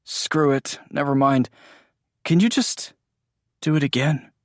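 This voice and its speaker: A man narrating an audiobook voices a teasing, tender young man with a raised pitch and a playful manner. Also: normal speed, vocal fry, no echo, studio quality. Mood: flustered. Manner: playful, joking.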